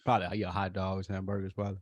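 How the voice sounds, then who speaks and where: A man co-hosting a podcast, teasing his partner in animated, profane casual banter. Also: low-pitched, rapid-fire, no echo. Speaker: podcast co-host.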